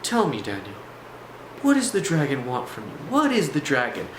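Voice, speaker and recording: A man putting on a calm male spiritual mentor, speaking low and hushed with slow, deliberate questions, in an echoey room. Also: background noise. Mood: probing.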